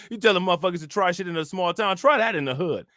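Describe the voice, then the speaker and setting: Brisk, high, pushed, and bright, the young man's voice comes through in studio quality without room sound. He's a livestream political commentator casually ranting at his chat, cursing and throwing out the same rhetorical questions again and again.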